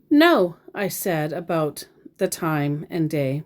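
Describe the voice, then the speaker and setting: A woman narrates a chat with a scammer at an unhurried pace. Her pitch rises and falls a lot, and her tone stays dry and exasperated throughout. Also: sing-song. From Queensland, Australia. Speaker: scambaiter. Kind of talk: reading out and commenting on a scam chat.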